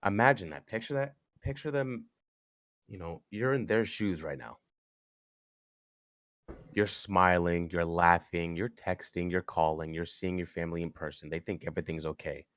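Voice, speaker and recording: A young man on a podcast, telling a personal story earnestly, haltingly, with frequent restarts. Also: low voice, a bit bright, no echo. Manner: earnest, halting, with many restarts and "you know". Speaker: podcast guest.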